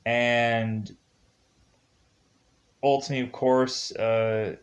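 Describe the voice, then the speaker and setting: A man's voice: medium pitch, level tone, drawn-out words. A man giving a casual spoken movie review, retelling the plot in a rambling way with many fillers and restarts. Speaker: film reviewer.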